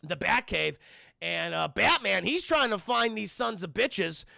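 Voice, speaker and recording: A man recaps a cartoon for his live chat in a rambling, profane way. His voice is high, heavily gravelly and bright. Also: lively intonation, measured pace, dry recording, clean studio sound. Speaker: cartoon reviewer streaming live. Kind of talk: casual live-stream recap.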